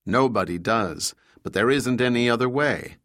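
A man's voice: mid-range voice, normal speed, no echo, clean studio sound, lightly acted. A male narrator voicing a stern senior intelligence official who speaks firmly and commandingly. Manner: firm, commanding, shouting when crossed.

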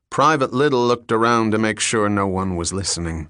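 A man narrating an audiobook in a steady, even storytelling manner. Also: lowish voice, normal speed, few pauses, smooth, no room sound, studio quality.

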